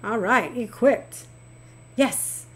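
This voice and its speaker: A husky, somewhat high voice draws out its words as a middle-aged woman streams a game. She chats casually and fondly with viewers, lively and talkative.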